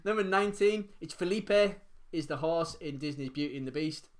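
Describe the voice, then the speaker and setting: A man hosting a casual live quiz from his home dining room, reading out answers and chatting between them. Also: fairly high pitch. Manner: reads answers briskly, chats and laughs between. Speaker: quiz host.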